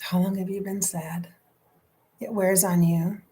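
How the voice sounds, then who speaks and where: During a live-stream channeling session, a woman psychic medium relays messages emotionally, slipping into whispered asides. Her voice is on the low side and dark in tone, level in pitch and a little slow.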